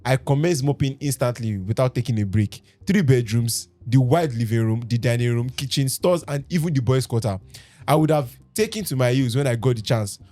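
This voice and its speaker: A man's voice: mid-range voice, expressive, a little fast, dark tone. A Nigerian man hosting a podcast, reading a story aloud with dramatic delivery and breaking off to laugh and joke with his co-hosts. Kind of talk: casual podcast reading with banter.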